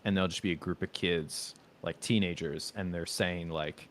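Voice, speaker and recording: A man's voice: low voice, fairly even intonation, normal speed. A man in his thirties chatting casually on a video call as a stream host, rambling and hesitant, often correcting himself. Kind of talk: casual chat.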